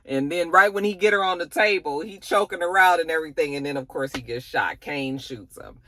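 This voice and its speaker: A woman's voice: low-pitched, a little fast, pushed and bright, slight background noise. A woman giving a chatty, profane recap of a TV episode, acting out the characters' lines. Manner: chatty, profane, sassy storytelling. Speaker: TV episode reviewer.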